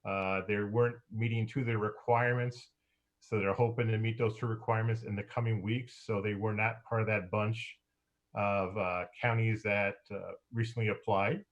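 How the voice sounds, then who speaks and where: Mayor giving a halting council report. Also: male voice, on the low side, flat delivery, dull audio. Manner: halting, many fillers, occasional laughs.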